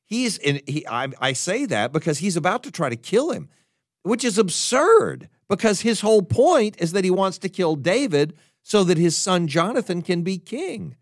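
Male pastor, sermon delivery, fairly high and very animated pitch, dry close sound, emphatic with restarts. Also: normal speed, no room sound.

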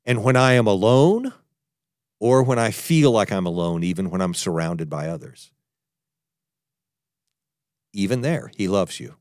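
A man preaching a podcast sermon in an earnest tone, moving between emphatic and hushed. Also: lowish voice, expressive, unhurried, long pauses, dry recording, clean studio sound. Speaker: pastor.

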